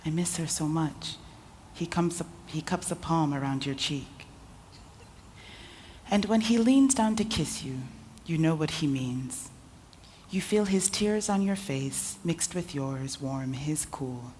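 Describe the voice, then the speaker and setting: A woman author reading her fiction aloud at a festival in a measured, intimate voice. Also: sits low, lively intonation, darkish tone, a little hiss or hum. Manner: measured, intimate second-person narration. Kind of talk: literary reading. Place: literature festival event.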